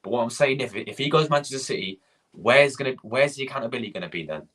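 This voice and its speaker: A young man rants on a live stream, swearing and going over the same point again and again. His voice is forceful and husky. He breaks off to greet people in the chat. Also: mid-range voice, lively intonation, fast talker. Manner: ranting, swearing, repeating himself. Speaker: fan channel host.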